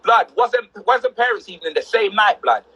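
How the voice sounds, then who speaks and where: A young man, telling animated stories on a livestream, full of street slang and acted-out quotes. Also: sits high, moderate pace, breathy edge, dull audio. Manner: slang-heavy, excitable, acts out quotes. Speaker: livestream host.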